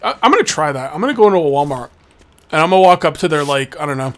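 A man's voice: on the high side, very animated, racing. A man hosting a let's play, giving casual gameplay commentary and joking with the game's customers as he goes. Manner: jokey, chats with game customers.

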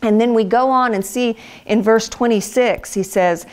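A middle-aged woman giving a Bible teaching talk to women, telling stories and acting out voices with lively energy. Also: a little high, moderate pace, hardly any pauses. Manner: animated storyteller, acts out voices. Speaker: women's ministry speaker. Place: church hall.

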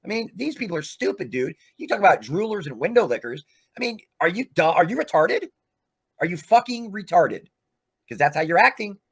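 A man's voice: high voice, sing-song, quick pace, vocal fry, a bit bright, husky. A man hosting a livestream, ranting in a profane, combative way. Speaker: livestream host.

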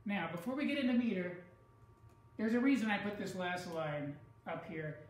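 A woman teaching a lesson, speaking slowly and deliberately and stressing syllables to show rhythm. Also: medium pitch, animated. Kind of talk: classroom lecture. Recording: echoey room, far from the mic.

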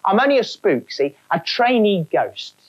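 A woman's voice: medium pitch, very animated, moderate pace, pitched above the performer's own voice, low-quality recording. A woman voicing a chatty trainee ghost, cheeky and matey.

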